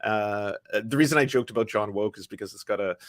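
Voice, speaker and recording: A man with a lowish voice chats casually on a panel show, rambling through restarts and fillers. His sound is dry and close. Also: quick pace, no room sound. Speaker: podcast co-host.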